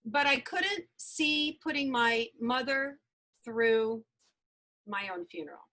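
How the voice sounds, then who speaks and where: A woman's voice: fairly high pitch, animated, slow pace, sharp tone, rough recording. A woman guest in an interview, telling her personal story earnestly and emphatically, often repeating phrases. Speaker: interview guest, energy healer.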